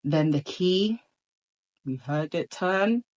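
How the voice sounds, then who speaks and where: A woman's voice: on the low side, animated, slow, a little mellow, low-quality recording. A woman telling a personal story in a casual storytime monologue, rambling with many ums and restarts.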